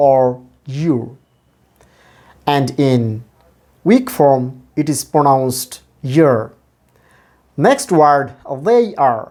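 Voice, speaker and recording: Fast-talking teacher. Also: male voice, fairly high pitch, darkish tone. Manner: switches between Bangla and English, repeats words slowly. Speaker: English teacher. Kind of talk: pronunciation lesson.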